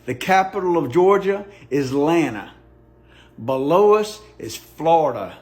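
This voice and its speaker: A man's voice: high voice, lively intonation, moderate pace, a little mellow. Male comic, drawl, wry and laid-back, faint guitar underneath. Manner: laid-back, wry, chuckles between jokes. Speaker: comedian. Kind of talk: stand-up monologue.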